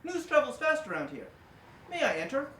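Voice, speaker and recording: A man voicing an earnest, literal-minded masked wrestler hero with a deadpan delivery. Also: very high voice, brisk, slight background noise, heavily acted. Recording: echoey room, distant mic.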